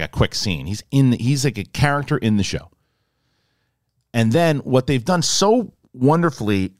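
A male host giving a casual spoiler review in an excitable, rambling way. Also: fairly low pitch, no room sound, clean studio sound.

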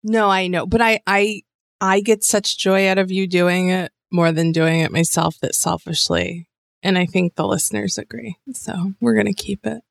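A woman's voice: medium pitch, steady tone, moderate pace, vocal fry. A woman co-hosting a casual podcast, teasing her partner and laughing easily. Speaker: podcast co-host. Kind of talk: casual chat.

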